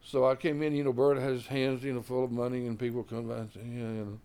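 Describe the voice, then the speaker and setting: With a smooth, dark voice that barely moves in pitch, an older jazz musician talks quickly through long, casual tales of his beginnings. He leans on "man" and "you know," and he acts out anyone he quotes by raising his pitch.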